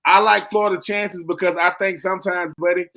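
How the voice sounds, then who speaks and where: High-voiced emphatic man. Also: brisk. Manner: emphatic, animated, repeats phrases for effect. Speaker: co-host. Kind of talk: sports talk radio chat.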